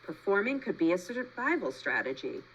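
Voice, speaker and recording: A woman reading a children's book aloud with expressive storytelling, as a teacher. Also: medium pitch, moderate pace, lo-fi sound, a little hiss or hum.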